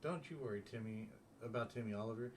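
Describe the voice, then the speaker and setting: A man's voice: medium pitch, fast talker, noisy background, close to an everyday voice. A man voicing a doting middle-aged woman who coos and fusses over her cat. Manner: cooing and motherly.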